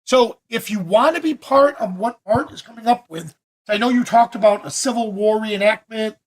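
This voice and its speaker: A man teaching photo editing during a live video-call session, talking in a chatty, animated way with frequent restarts. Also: high-pitched, normal speed. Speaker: photography workshop instructor. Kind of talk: live online Q&A demo.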